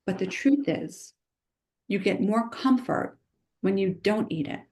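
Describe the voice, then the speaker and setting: A woman nutritionist being interviewed, speaking emphatically and quickly, often tagging her points with "right?". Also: medium pitch, expressive, darkish tone. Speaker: nutritionist guest. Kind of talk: conversational podcast interview.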